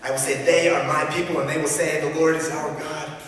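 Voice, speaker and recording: A man preaching a sermon as pastor, earnest, swinging from loud emphatic lines to hushed ones. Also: on the high side, flat delivery, a little fast. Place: large church sanctuary. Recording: echoey church hall from far off.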